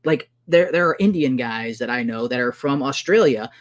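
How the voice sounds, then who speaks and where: A man arguing heatedly in a casual debate, excitable and exasperated, often talking over the other man. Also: medium pitch, moderate pace.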